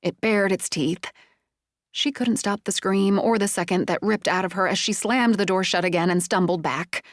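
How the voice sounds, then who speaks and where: A woman's voice: medium pitch, normal speed, no echo. Woman narrating an audiobook, dry close sound. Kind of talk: scripted narration.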